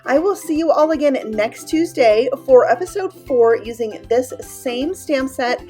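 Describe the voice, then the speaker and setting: Woman host, card-making tutorial voice-over, chatty and upbeat, a bit high. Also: expressive, unhurried, a little mellow, soft background music. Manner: chatty, upbeat, explains each step while working.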